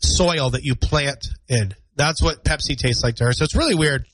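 A man's voice: on the high side, moderate pace, a bit bright, rough recording. A man in his thirties hosting a morning radio show alone, nasal and congested from a cold, chatty and self-deprecating. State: stuffy nose and scratchy throat from a cold. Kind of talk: solo morning radio talk. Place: radio studio. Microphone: studio microphone.

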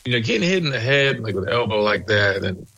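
A man's voice: fairly low pitch, big pitch swings, quick pace, creaky, pushed and bright, husky, low-quality recording. A man co-hosting sports talk radio, hedging and rambling through his take with many restarts.

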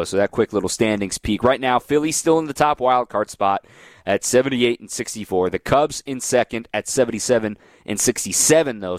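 A man hosting a post-game radio sports talk show, running through standings and schedules in a quick, animated way. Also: lowish voice, dry recording.

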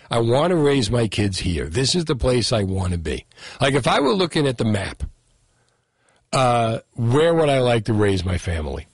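A middle-aged man from New Jersey hosts a call-in radio show. His voice is husky and mid-pitched, recorded close and dry in the studio. He keeps rephrasing the same questions to draw in callers and tosses in jokey asides. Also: no room sound. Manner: repeats questions to invite callers. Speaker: radio talk show host.

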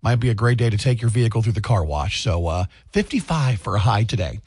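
A man's voice: lowish voice, lively intonation, fast talker, a little mellow, breathy edge, no echo. A man, hosting a morning radio show and chatting about his family in an upbeat way. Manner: chatty, upbeat, tells home stories. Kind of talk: morning radio chat and announcements. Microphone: studio microphone, dry booth.

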